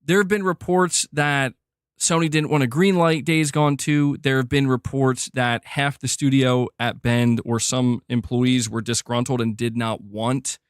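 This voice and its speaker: A man hosting a livestream, ranting in a heated, animated way and swearing freely while reading chat. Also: mid-range voice, clear, resonant tone, no room sound, clean studio sound. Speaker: streamer host. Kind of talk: casual livestream rant.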